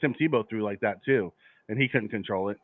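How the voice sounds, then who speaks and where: A man co-hosting a casual live football watch party, speaking in a relaxed, measured way with frequent stumbles and restarts. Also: lowish voice, no echo. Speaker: co-host of a sports watch-party stream. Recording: tinny phone-like line.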